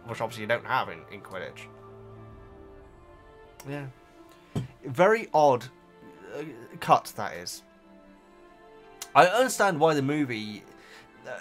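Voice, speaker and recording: A man hosting his own video, reading out viewer comments in casual chat and often stumbling over his words and restarting. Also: mid-range voice.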